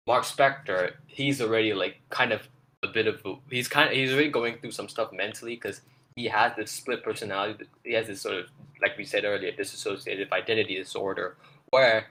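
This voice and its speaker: A man's voice: fairly low pitch, sharp tone. A man co-hosting a casual trailer breakdown, rambling with lots of fillers and restarts. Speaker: podcast co-host.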